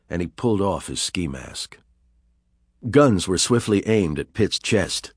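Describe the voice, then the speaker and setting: A man narrating an audiobook thriller in a measured, even storytelling manner. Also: deep voice, breathy edge, dry recording, studio quality. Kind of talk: scripted narration.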